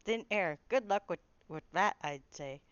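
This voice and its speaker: A woman voicing a male lizard workman in a put-on Cockney accent, loud and rambling, fumbling for words. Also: fairly low pitch, expressive, unhurried, clear, resonant tone, no echo, highs cut off, pitched above the performer's own voice. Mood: cheery.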